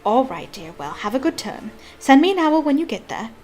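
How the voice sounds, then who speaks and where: A woman's voice: sits high, sing-song, fairly quick, a little mellow, pitched above the performer's own voice. A woman voicing a fussing, motherly woman who scolds her sons. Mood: fond.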